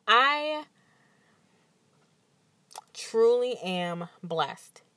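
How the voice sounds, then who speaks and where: A woman hosting a podcast, telling stories in an animated, candid way and acting out what others said. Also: lowish voice, no echo. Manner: animated storytelling with acted-out quotes and frequent laughs; emphatic and candid. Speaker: podcast host. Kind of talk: casual monologue.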